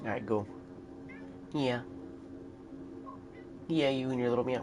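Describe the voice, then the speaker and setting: A man's voice: mid-range voice, measured pace, long pauses. A man streamer chatting casually at home, switching into baby talk with his cat and swearing freely. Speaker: console game streamer. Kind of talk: casual off-camera chat. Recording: noisy home background.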